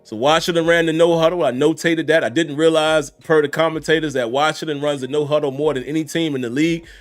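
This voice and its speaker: A man's voice: fairly high pitch, steady tone, fast, soft background music. A man giving casual, conversational reactions to a football game, talking straight to his viewers. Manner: conversational, addresses viewers as y'all and guys. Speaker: sports commentator host.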